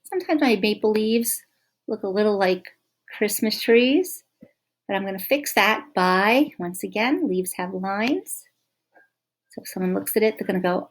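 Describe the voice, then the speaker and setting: A woman teacher speaks gently to young children in a lesson. She is encouraging and patient, and she slows down to sound out the letters of simple words. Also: medium pitch, expressive.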